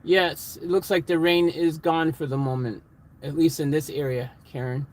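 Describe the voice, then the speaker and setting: A man chatting casually with viewers in a live vlog, laughing and getting excited, recorded in a van. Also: a little high, moderate pace. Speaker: vlogger.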